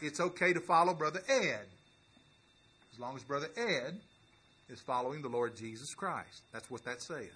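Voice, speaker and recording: A male pastor telling a story in a sermon, earnest and halting, with many restarts, who rises into emphatic preaching. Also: medium pitch, lively intonation, sharp tone, slightly rough.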